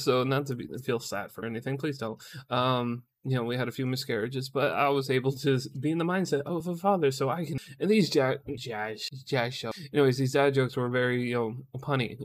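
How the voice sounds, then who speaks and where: A young man tells a casual story in a rambling, profane way and stumbles over his words. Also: mid-range voice. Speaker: vlogger.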